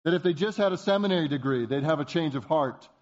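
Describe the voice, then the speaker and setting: Male pastor, sermon, emphatic, rhetorical questions, slightly high pitch, muffled recording. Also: animated, fast talker.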